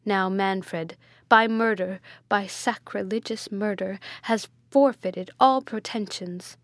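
A woman's voice: mid-range voice, fairly even intonation, slow pace, no room sound, close to an everyday voice. A haughty noble marquis scolds with scorn and force, as a woman reads him. The sound is close and dry. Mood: scornful.

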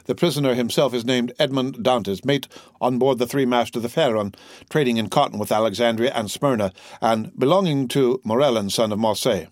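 A man's voice: medium pitch, a little fast, no room sound, lightly acted. A hesitant, deferential police commissary , read by a man in a storybook reading. He reports plainly with little hesitations. The sound is dry and close.

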